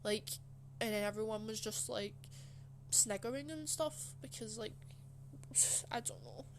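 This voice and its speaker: A young woman telling a personal story in a casual, rambling way, soft and emotional, with lots of fillers. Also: fairly high pitch, unhurried, slight background noise. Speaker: channel host.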